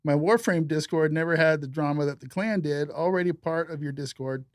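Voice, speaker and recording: A man's voice: on the high side, steady tone, a little fast, no echo, clean studio sound. A man co-hosting a casual gaming podcast, who teases his partner and plays dumb for laughs. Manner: goofy, teasing, playing dumb. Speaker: podcast co-host. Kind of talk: casual chat.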